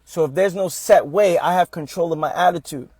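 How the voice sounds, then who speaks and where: A man's voice: on the high side, a little fast, a little mellow, breathy edge, no room sound. A man giving a motivational talk on a livestream, speaking emphatically, repeating his points and calling his listeners "fam".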